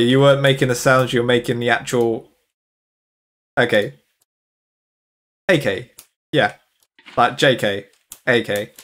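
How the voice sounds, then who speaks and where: A young man with a British accent chats easily as he plays a game on stream. He laughs often and answers his viewers as he goes. His voice sits at an everyday middle pitch. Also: fairly bright tone. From United Kingdom. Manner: chatty, laughs often, replies to chat. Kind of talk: casual chat while gaming.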